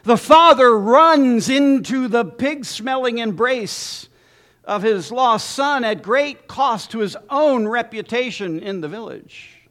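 A man preaching a sermon as pastor, emphatic with dramatic pauses and lists. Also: extremely high pitch, animated, a bit bright.

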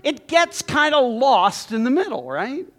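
A man preaching a sermon as pastor, emphatic with dramatic pauses and lists. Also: very high-pitched, very animated, a bit bright.

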